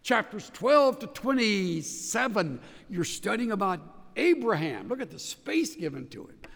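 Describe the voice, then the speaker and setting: A man teaching a Bible study class, emphatic and animated, walking his listeners through each step. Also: sits high, unhurried, vocal fry, in a large hall.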